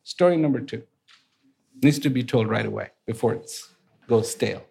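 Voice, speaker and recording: A man telling folk parables in a casual, animated way, with conversational fillers. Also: mid-range voice, moderate pace, vocal fry. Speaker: storyteller. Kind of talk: casual spoken storytelling.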